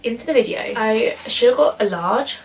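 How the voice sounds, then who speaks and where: A woman's voice: a little high, normal speed. Chatty young woman vlogging. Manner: chatty and animated, eating while talking. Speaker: YouTuber. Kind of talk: casual chatty mukbang vlog. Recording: slightly distant mic with faint background noise.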